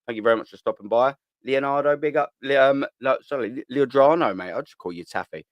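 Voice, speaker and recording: A man's voice: mid-range voice, fast, no room sound, dull audio. A man hosting a live morning fan stream, chatting casually, using slang and often repeating and restarting his words. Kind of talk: casual live-stream chat reading viewer comments.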